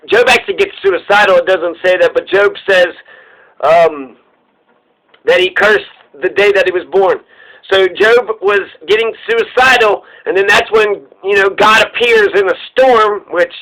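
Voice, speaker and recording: High-voiced, profane, irreverent man. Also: sharp tone, rough recording. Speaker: podcast host. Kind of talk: casual commentary.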